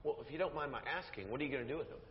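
An actor playing a kind, patient man who buys captives their freedom, speaking calmly and earnestly, on a dull echoey hall recording with music. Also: mid-range voice, racing, a little hiss or hum, lightly acted. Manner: calm, gentle and earnest.

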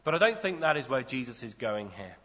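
Bright-voiced preacher in an echoey hall. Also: male voice, medium pitch, very animated, brisk. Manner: conversational, storytelling preaching. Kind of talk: sermon. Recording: dull lo-fi sound in a reverberant hall.

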